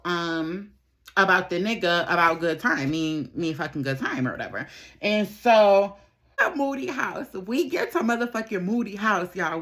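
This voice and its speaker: A young adult woman vlogger telling a casual storytime, animated and slangy, rambling with lots of fillers. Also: on the low side. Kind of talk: casual storytime while getting ready.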